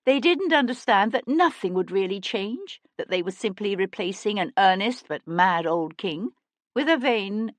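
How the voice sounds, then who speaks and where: A woman reading an audiobook with steady, expressive storytelling narration. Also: lowish voice, no room sound.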